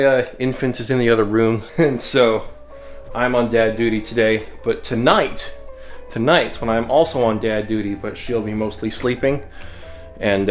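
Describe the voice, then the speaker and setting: A young man in his twenties with a Midwestern American accent, rambling through a casual vlog and often breaking off mid-sentence. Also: fairly low pitch. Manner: rambling, self-interrupting, laughs often. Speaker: vlogger.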